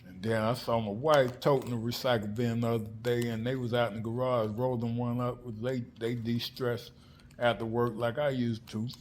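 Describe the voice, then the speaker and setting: A middle-aged man from South Florida telling family stories in an animated, slangy vlog monologue, acting out the people he quotes. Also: mid-range voice, moderate pace. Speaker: vlogger. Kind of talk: casual storytelling monologue. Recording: faint background noise.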